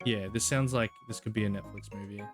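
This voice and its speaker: A man's voice: lowish voice, steady tone, quick pace, over music. A young man joking and laughing as he comments on a game he plays. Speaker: streamer. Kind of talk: let's play commentary.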